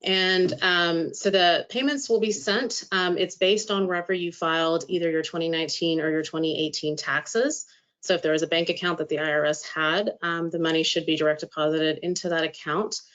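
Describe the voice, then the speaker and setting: A woman presenting legal information in a webinar, explaining at length and filling pauses with "um". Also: fairly low pitch, steady tone, a bit bright. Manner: explanatory, many filler "um"s. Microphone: video call. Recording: dull lo-fi call audio.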